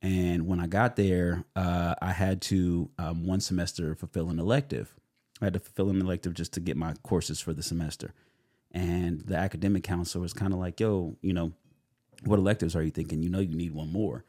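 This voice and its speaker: Deep-voiced man telling his story. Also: a little fast, dry recording, studio quality. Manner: animated, acts out quotes with many fillers. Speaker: guest, actor. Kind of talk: casual interview storytelling.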